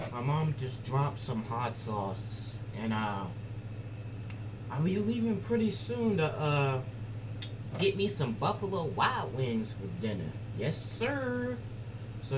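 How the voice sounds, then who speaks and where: Male streamer, casual and excitable, slow delivery, noisy hiss behind. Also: medium pitch, recorded from a distance. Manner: loose, slangy and excitable, laughs a lot. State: out of breath. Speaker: streamer reacting to a video. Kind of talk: casual live-stream chat.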